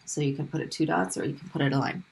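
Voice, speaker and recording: Low-ish woman's voice, calm teacher going over sounds again and again. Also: creaky. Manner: patient, repeats sounds slowly for practice. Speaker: Arabic teacher. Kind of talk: recorded language lesson.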